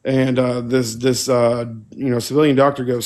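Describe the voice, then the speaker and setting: A man's voice: medium pitch, level tone, fairly quick, few pauses, darkish tone. A man telling profane army stories in casual chat with friends. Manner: profane storyteller, does voices of people he quotes. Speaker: podcast co-host.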